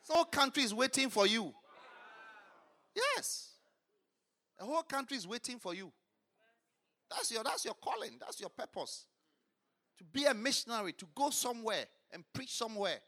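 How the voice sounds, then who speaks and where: Fervent high-voiced male preacher. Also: very animated, moderate pace, pauses often. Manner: fervent, swings from shouts to low murmurs. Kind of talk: sermon.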